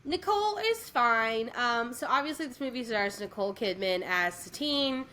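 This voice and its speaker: High, bright-voiced woman, slow and gushing. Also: lively intonation, a little hiss or hum. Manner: enthusiastic, gushing, with many fillers and restarts. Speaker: podcast co-host. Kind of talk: casual chat.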